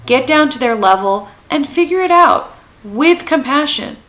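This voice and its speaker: A woman's voice: high-pitched, expressive, measured pace, fairly bright tone, low-quality recording. Earnest woman giving parenting advice. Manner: earnest, repeats questions for emphasis. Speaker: parenting channel host. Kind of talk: advice talk to camera.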